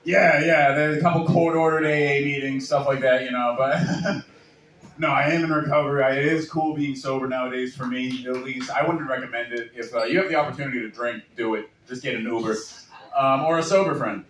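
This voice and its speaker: A man's voice: mid-range voice, fairly even intonation, fairly quick, fairly bright tone. A man from Boston with a Boston accent doing a stand-up comedy set, bantering loosely with the crowd and laughing between jokes. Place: bar or small venue with live crowd. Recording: echoey room, distant mic, faint noise.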